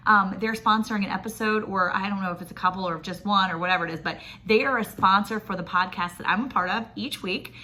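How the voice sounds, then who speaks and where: A woman, chatting excitedly and gushing as she unboxes a package for her vlog. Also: medium pitch, a little hiss or hum. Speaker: homestead vlogger. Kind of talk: casual unboxing chat.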